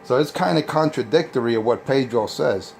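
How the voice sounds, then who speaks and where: Man, CB radio trash talk, boastful, mocking, mid-pitched voice, faint hiss. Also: a little fast, gravelly, darkish tone. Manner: boastful, taunting and insulting. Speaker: CB radio operator.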